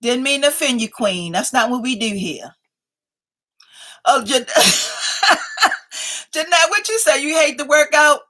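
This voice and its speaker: Fifties woman, live stream host; high, bright voice, chatty and quick to laugh. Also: lively intonation. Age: 50s. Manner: chatty, laughs often, teasing. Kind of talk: casual live chat reading viewer comments.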